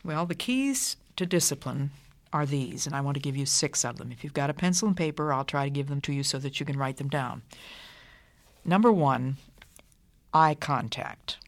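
A radio Bible teacher giving parenting advice in a firm, measured, deliberate way, sometimes dropping to a whisper. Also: medium pitch. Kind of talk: scripted radio talk, teaching.

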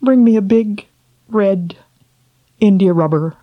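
A woman's voice: medium pitch, takes it slowly, highs cut off, pitched above the performer's own voice. A woman voicing a lonely, selfish old king who lists his wishes in a wistful, childlike way, in a storybook reading. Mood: eager. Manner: childlike, wishful listing of wants.

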